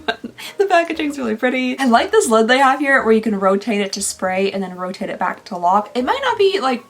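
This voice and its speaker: A young woman vlogging casually, chatty and thinking aloud with frequent giggles as she unboxes beauty products. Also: a little high.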